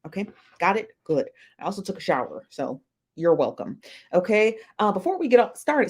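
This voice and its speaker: A woman's voice: medium pitch, very animated, normal speed, darkish tone, breathy edge. A woman hosting a casual livestream, chatting with viewers, greeting them by name and laughing often, recorded on a phone. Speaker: livestream host.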